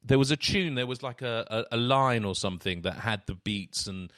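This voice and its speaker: A man's voice: medium pitch, normal speed, a bit bright, no echo, studio quality. A man hosting an interview podcast, chatting eagerly and stumbling over repeated words as he asks questions. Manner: enthusiastic, stammering restarts. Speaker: podcast host. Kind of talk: casual interview chat.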